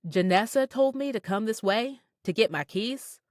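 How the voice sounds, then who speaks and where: A woman voicing a relaxed, friendly Texan man with a light Texas drawl in an audiobook. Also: on the high side, normal speed, dry recording, clean studio sound, voice pushed up, natural voice. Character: easygoing Texan male contractor, adult. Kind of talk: audiobook character reading.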